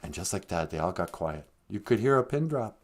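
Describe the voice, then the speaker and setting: A man telling a comic story on a live stream, rambling with deadpan asides. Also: low voice, a little fast.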